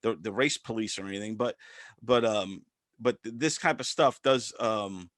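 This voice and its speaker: A man's voice: lowish voice, normal speed, a bit bright, dry recording. Dry-sounding chatty male podcast host. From part Filipino descent. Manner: rambling with restarts and stammers. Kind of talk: casual commentary chat.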